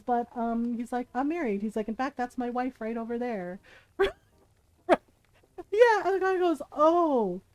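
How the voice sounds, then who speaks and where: A woman's voice: a little high, mellow, no room sound, rough recording. A middle-aged woman streaming, telling stories in casual chat and laughing often as she talks. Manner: chatty storyteller, laughs often.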